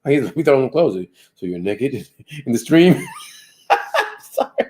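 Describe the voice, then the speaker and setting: A man's voice: mid-range voice, sing-song, slow, noisy background. A man hosting a casual live stream, rambling loosely and laughing at himself. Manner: self-deprecating. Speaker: host.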